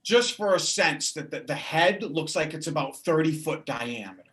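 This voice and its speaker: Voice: mid-range voice, lively intonation, moderate pace, noisy background. Game master describing a scene. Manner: describes scenes plainly with restarts. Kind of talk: narrating a tabletop game.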